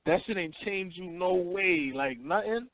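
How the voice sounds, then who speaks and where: A man hosting a talk radio show, telling stories in rough, profane street slang. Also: sits high, animated, a little slow, dry recording. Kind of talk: casual talk radio chat. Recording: dry phone-line call-in audio.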